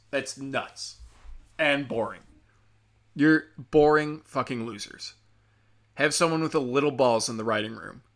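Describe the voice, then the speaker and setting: Brief: male host, sharp bright tone, profane sarcastic rant. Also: mid-range voice. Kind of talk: ranting commentary.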